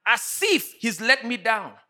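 A man, preaching a sermon and telling personal stories in an animated way. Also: measured pace. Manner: animated storytelling, jumps to high pitch for acted-out quotes. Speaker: pastor.

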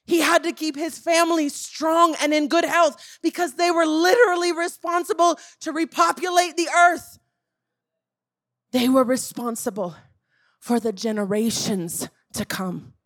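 A woman's voice: high-pitched, steady tone, a little slow, fairly bright tone. A woman preaching a sermon, emphatic and calling out to the congregation as church.

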